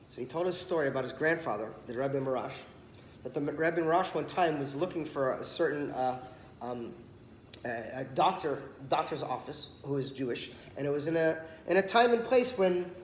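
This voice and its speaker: A man with a slightly high voice gives a storytelling Torah talk at normal speed, animatedly acting out the dialogue as he goes. The room is echoey, with some background noise.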